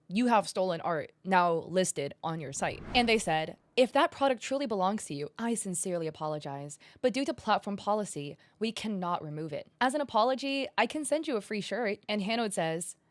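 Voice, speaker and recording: A woman talking straight to her viewers in an animated, sarcastic way, and her exasperation comes through as she reads messages out. Her pitch sits in an ordinary middle range. The recording is dry and close, with no room sound. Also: no echo. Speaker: commentary YouTuber. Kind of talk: casual commentary reading messages aloud.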